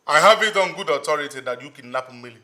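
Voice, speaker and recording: A man's voice: fairly high pitch, expressive, quick pace, bright, forceful tone. An actor playing a man who threatens a woman into releasing a hostage, in a firm, threatening manner. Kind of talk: Nollywood film drama.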